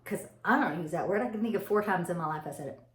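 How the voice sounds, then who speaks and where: Mother vlogging, chatty and animated, voice ringing in a bare room. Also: fairly low pitch, fast, slight background noise. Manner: animated, laughing storyteller who addresses viewers as y'all. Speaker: mother vlogging about parenting. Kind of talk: casual chatty monologue to camera. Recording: echoey room.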